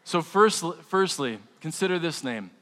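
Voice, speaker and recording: A man's voice: on the high side, expressive, unhurried, sharp tone. Man preaching in a reverberant hall. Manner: conversational preaching with humor and repeated restarts. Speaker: pastor. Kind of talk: sermon.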